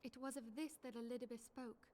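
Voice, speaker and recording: An actress voicing a calm, thoughtful young woman leader in a game cutscene, speaking in a measured, formal way. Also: fairly high pitch, a little hiss or hum, natural voice. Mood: reflective.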